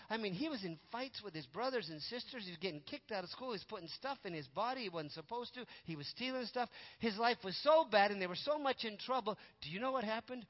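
A male preacher telling a story in a sermon, animated and asking his listeners questions. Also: very high voice. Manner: animated, repeating words and asking the audience questions. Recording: dull sound with long hall reverb.

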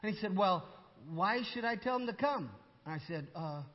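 An older man preaching a sermon as a lively story, acting out conversations and speaking asides to his congregation. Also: sits high, normal speed. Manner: animated, acts out dialogue, asides to audience. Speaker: pastor. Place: church hall with audience. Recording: dull sound in long reverb hall.

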